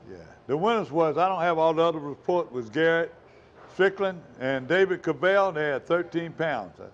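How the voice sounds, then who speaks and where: Folksy fishing show host. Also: male voice, a little high, moderate pace, highs cut off. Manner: rambling, folksy, talks with mouth full. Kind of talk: casual chat.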